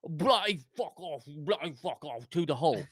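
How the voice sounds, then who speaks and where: An exasperated, foul-mouthed male golfer griping at the hole in a mock Australian accent, as a podcast host puts him on. His voice jumps around a lot in pitch and sits dry and close to the mic. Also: lively intonation, normal speed, husky, no room sound. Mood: cursing. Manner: swearing, exasperated muttering. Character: cursing hot-tempered male pro golfer.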